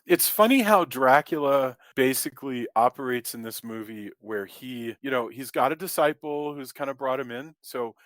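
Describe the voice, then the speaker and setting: Mid-pitched man co-host, agreeable, restarts his sentences, dry close recording. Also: expressive, normal speed, few pauses, a bit bright, dry recording. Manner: agreeable, stammers and restarts often. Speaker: podcast co-host. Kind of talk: casual film discussion.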